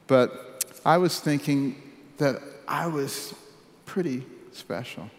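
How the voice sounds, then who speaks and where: Older man from Detroit, measured wry storyteller, mid-pitched, echoing hall reverb. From Detroit, United States. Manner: measured, wry, drops softly at serious moments. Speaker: speaker telling his life story. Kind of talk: personal storytelling speech. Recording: echoey hall with long reverb.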